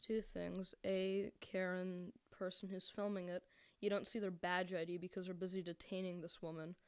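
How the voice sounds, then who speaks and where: A woman's voice: on the low side, level tone, moderate pace, slight background noise. A woman hosting a reaction video, talking in a mocking, exasperated, rambling way. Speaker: commentary video host. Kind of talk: sarcastic reaction commentary.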